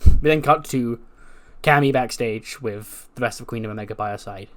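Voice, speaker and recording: A man's voice: medium pitch, moderate pace. A man casually recapping a wrestling management game, chatty with fillers. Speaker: let's play host.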